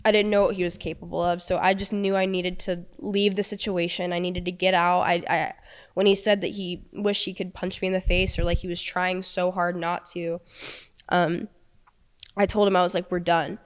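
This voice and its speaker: A woman's voice: on the low side, flat delivery, normal speed, smooth. A young woman telling a personal story as a podcast guest, speaking in a blunt, emotional and profane way.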